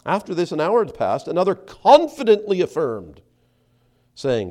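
A man preaching a sermon, acting out the speakers he quotes and dropping to soft asides between them. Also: a little high, huge pitch swings, moderate pace. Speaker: pastor.

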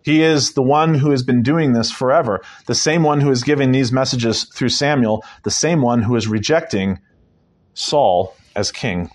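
Male preacher, casual Bible-study sermon delivery, emphatic with wry asides, average pitch. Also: moderate pace, few pauses. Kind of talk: conversational sermon, Bible teaching.

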